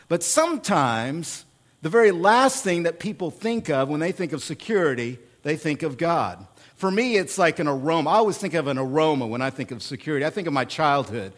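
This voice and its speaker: Male preacher, middle-aged, light high voice, dynamic sermon delivery from hushed to booming. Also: expressive, fairly quick. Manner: dynamic preacher, swings from hushed prayer to loud storytelling. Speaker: pastor.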